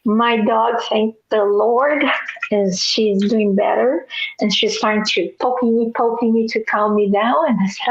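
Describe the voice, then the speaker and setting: A woman in a casual chat, telling a personal story in an animated way, laughing often, over a video call. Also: fairly high pitch, measured pace. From Nebraska, US. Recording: dull lo-fi audio.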